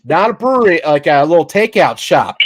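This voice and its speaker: A man co-hosting a sports talk show, rambling with halting restarts. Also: fairly high pitch, sing-song, noisy background. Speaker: podcast co-host. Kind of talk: casual chat.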